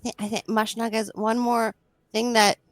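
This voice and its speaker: A woman playing in a tabletop game, chatting excitably and giggling with the group. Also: fairly high pitch, normal speed, no echo. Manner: excitable, giggly player banter. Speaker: player. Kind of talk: casual tabletop game chat.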